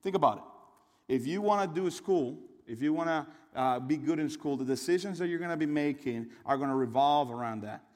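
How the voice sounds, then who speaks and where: A fairly high-voiced young man preaches a sermon, telling a story in a chatty, rambling way. His voice rings out with the long reverb of a big hall. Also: moderate pace, darkish tone. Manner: conversational and storytelling, with restarts and asides.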